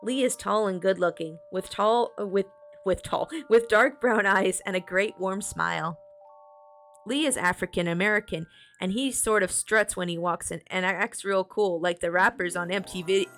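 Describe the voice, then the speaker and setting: A woman's voice: mid-range voice, normal speed, fairly bright tone, faint music behind. A woman streamer reading a children's horror book aloud, breaking off for casual, laughing asides.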